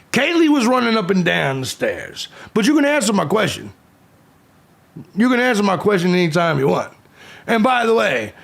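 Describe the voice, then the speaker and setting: He's a livestream host in his forties, speaking in a high-pitched, fairly bright voice with vocal fry. Viewer comments get read out loud, and trolls get a combative, foul-mouthed response.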